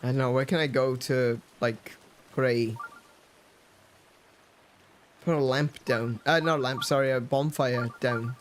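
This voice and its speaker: A man's voice: mid-range voice, fairly even intonation, measured pace, pauses often, slight background noise. Man thinking aloud over gameplay. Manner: musing aloud, self-correcting, chuckling. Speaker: let's play host. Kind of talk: casual gameplay commentary.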